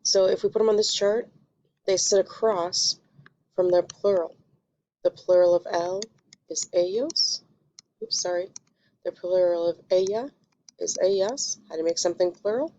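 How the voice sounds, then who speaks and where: A woman teaching a Spanish lesson, explaining step by step in a patient way and quickly correcting her own slips. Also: fairly low pitch, a little mellow, dull audio. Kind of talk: recorded classroom lesson.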